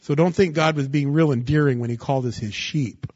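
A man preaching a sermon, asking the congregation rhetorical questions and rising into loud bursts of emphasis. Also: a little high, fairly quick, no echo, muffled recording. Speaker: pastor.

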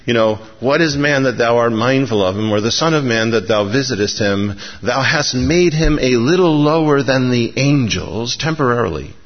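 A man preaching a sermon in a church, excitable and rising to emphatic appeals. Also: medium pitch, lo-fi sound. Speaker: pastor. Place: church sanctuary.

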